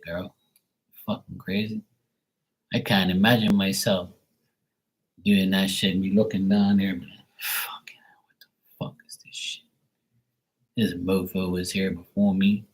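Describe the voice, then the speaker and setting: A man's voice: lowish voice, breathy edge, rough recording. A man hosting a livestream, telling a rambling story in blunt, profane casual chat. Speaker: livestream host.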